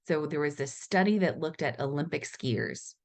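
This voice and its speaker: Woman presenter, low voice, questioning listeners. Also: lively intonation, normal speed. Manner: asks the audience questions, acts out inner voices. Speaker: webinar presenter. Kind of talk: teaching talk. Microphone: video call mic.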